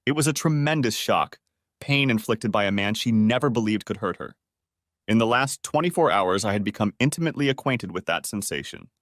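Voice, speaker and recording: A man's voice: on the low side, expressive, a little fast, fairly bright tone, dry recording, studio quality. Man narrating a bitter revenge audiobook. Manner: bitter, dramatic storytelling. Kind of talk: first-person audiobook narration.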